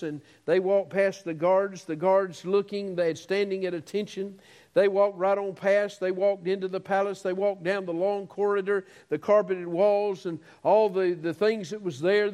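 Preacher guy, kinda high voice, swings loud then hushed, stretches words out. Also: level tone. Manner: preaching with swells of emphasis, drawn-out words and sudden quiet drops. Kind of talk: sermon.

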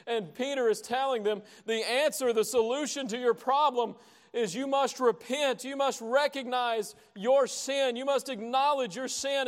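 A man preaching a sermon with passion, swinging between hushed lines and loud cries. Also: extremely high pitch, big-room sound. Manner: impassioned, dramatic swings from soft to loud.

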